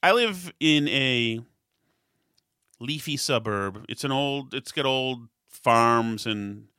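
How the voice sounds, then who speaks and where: A middle-aged man hosting a casual monologue, telling stories and getting worked up and loud when he retells arguments. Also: medium pitch, expressive, slow, clean tone, dry recording, studio quality. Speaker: podcast host.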